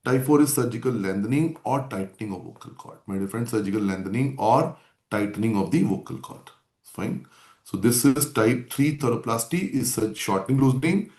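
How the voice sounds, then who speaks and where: A man's voice: mid-range voice, moderate pace, a little mellow. A man teaching a medical class and repeating key terms to drill them in. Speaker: medical lecturer. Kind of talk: classroom lecture. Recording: echoey lecture room.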